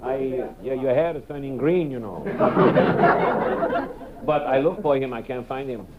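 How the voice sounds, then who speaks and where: A comedian voicing a bumbling foreign costume teacher who mishears everything, in broken English, on live TV. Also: male voice, mid-range voice, a little slow, over a noisy crowd, very noisy, lightly acted. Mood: muddled. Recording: dull TV-set recording, loud audience.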